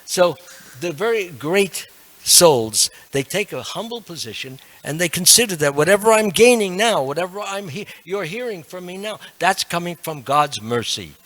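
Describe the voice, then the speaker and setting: An older monk lectures a temple class in a devotional sermon, his voice sitting high and sounding animated and a little bright at a normal speed. He is earnest and emphatic, with self-deprecating asides.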